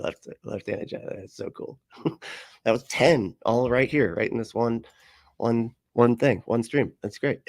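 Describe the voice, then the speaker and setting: A man's voice: medium pitch, no room sound, clean studio sound. Laughing, swearing man reading chat. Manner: laughing often, swearing, rambling and puzzled. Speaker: streamer host reading live chat. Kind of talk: casual live-stream chat.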